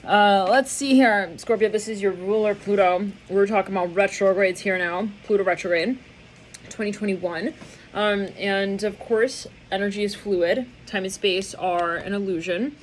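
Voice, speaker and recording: A woman's voice: mid-range voice, normal speed, slight background noise. A woman doing a casual tarot reading who laughs often and acts out voices she hears. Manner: excitable, laughing, acting out quoted voices. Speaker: tarot reader.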